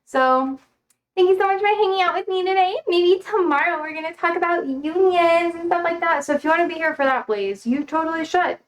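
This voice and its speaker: A young woman with a high, light voice chats loosely on her livestream. She rambles and is blunt, dropping swear words as she goes. She is feeling unwell while she talks. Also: a little fast. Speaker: livestream host. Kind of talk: casual livestream chat.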